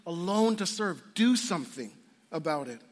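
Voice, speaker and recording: A man's voice: high voice, expressive, normal speed, long reverb tail, pitched below the performer's own voice. A man preaching voices a frustrated woman who whines that she has been left to do the work alone. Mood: self-pitying. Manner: whiny, self-pitying.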